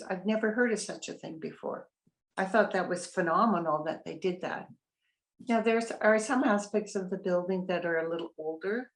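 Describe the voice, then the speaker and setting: A woman's voice: fairly low pitch, rough recording. A middle-aged woman sharing a heartfelt account of her family's experience, talking through fillers and restarts in an interview. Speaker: family member of a resident. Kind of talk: interview testimonial.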